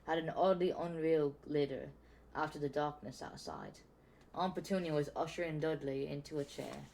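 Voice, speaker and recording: Guy reading a book out loud, dark mellow voice, keeps flubbing words n restarting. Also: on the high side, normal speed, creaky, slight background noise, poor audio. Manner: stumbles and restarts words, reads on unfazed. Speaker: audiobook reader. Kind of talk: casual amateur book reading.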